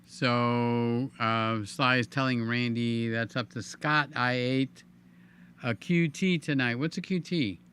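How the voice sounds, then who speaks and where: An older man hosting a live stream in a casual, chatty way, reading viewer comments aloud with a hoarse, tiring voice. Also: medium pitch, steady tone, slow pace, fairly bright tone, a little hiss or hum. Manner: chatty, reads viewer comments aloud, hums filler sounds. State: hoarse, voice giving out. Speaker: livestream host.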